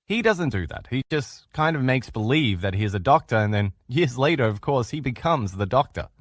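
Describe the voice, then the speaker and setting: Lively-voiced man coaching a relationship class. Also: medium pitch, a little fast, no room sound, studio quality. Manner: earnest, coaching, acts out quoted replies in changed voices. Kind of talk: recorded training lesson.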